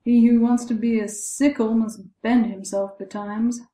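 A woman's voice: fairly high pitch, little pitch movement, unhurried, warm tone, natural voice. A smug, scornful elder brother, read by a woman storyteller, with a mocking tone. The recording is echoey and slightly distant.

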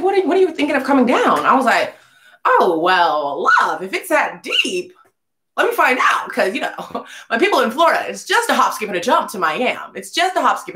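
A young woman telling a casual storytime vlog, animated and slangy, acting out the voices of people in her story. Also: a little high. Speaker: singer vlogging a story. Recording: echoey room.

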